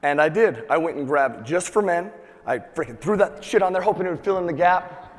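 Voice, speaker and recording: Energetic, profane motivational speaker in a hall. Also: male voice, on the high side, a little fast. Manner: energetic, profane, calls for audience repeats. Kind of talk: live motivational talk to an audience. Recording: long hall reverb.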